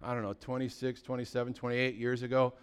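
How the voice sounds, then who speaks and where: A man in his fifties from California, a pastor telling a personal story in a lively, anecdotal way, with sudden loud bursts. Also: mid-range voice, quick pace, smooth. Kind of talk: sermon storytelling.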